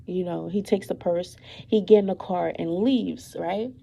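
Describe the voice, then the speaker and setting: A woman's voice: fairly low pitch, measured pace, creaky, warm tone, low-quality recording. A young woman telling a long story about her mother in a casual monologue, emphatic and repetitive with many fillers and an accusing edge.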